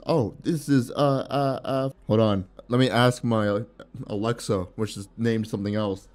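A man's voice: mid-range voice, normal speed, darkish tone. A young man with a sore mouth giving playful let's play commentary, joking, laughing often and reading game text aloud. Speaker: gaming YouTuber.

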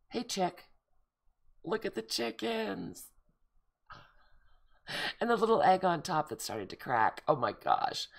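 A middle-aged woman chatting casually to viewers as a craft vlogger, gushing and excitable as she shows off things sent to her. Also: a bass voice, creaky. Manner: gushing, excitable, lots of oohs and gasps. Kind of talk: casual show-and-tell chat.

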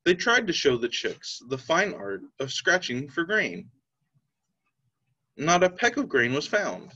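A male teacher reading a picture book aloud to young children. His somewhat high voice rises and falls very expressively. The sound is slightly dull and lo-fi. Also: unhurried. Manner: expressive, lively storytelling.

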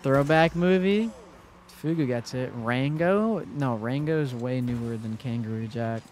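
A man's voice: medium pitch, moderate pace, a little mellow, a little hiss or hum. A man in his twenties streaming a game live, chatting casually with his viewers and swearing freely. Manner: chatty, swears freely, addresses chat directly. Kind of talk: casual live-stream chat while gaming.

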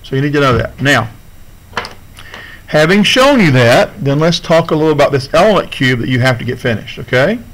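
A male teacher talks his students through a chemistry assignment on screen. His voice sits at a middle pitch. He keeps it casual and keeps checking that they follow along. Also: expressive, fast talker, hardly any pauses, a bit bright, a little hiss or hum, rough recording. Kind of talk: classroom video lesson.

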